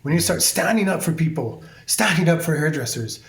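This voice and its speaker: A man's voice: a little high, lively intonation, fairly quick, creaky. A man, a hairstylist guest on a podcast, talking in an intense, emphatic way and swearing freely. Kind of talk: podcast conversation. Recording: roomy echo.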